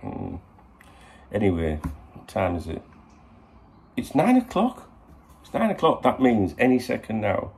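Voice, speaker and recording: A middle-aged man talks straight to his viewers in a loose morning vlog. He rambles and swears often. His voice is low and gravelly, with lively swings in pitch. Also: a little hiss or hum. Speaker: football channel host. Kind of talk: casual morning vlog to camera.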